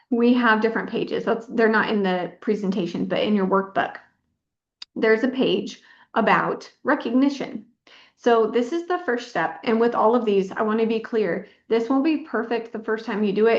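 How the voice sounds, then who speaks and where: A woman in her thirties giving a workshop as a pelvic health physical therapist, encouraging and repeating words for emphasis. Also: on the high side. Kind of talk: workshop presentation. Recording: echoey room, dull lo-fi sound.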